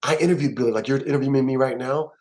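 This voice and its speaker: A man, a musician and producer, telling stories in an interview with an emphatic, animated way of talking and lots of repeated words. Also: medium pitch, very fast, poor audio. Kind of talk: storytelling interview.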